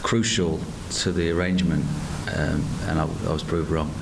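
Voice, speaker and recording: Man from london, very low voice, hesitant, self-deprecating, noisy room. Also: steady tone, normal speed, gravelly. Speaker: comedian. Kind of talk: casual interview.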